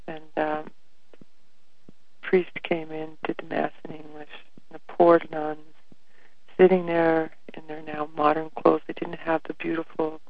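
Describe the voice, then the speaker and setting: Man, workshop leader, reflective storytelling, soft-spoken, near whispers, gravelly, tinny phone-like audio. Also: fairly high pitch. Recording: dry, phone-like narrow sound.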